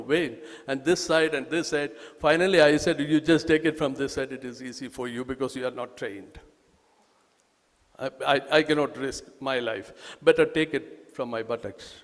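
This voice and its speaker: A man with an Indian accent speaks to an audience in a halting, emphatic manner, often restarting his phrases. His voice sits a little high for a man. It rings with the long reverb of a large hall. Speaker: speaker presenting a nursing course. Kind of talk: public talk at an event. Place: event hall.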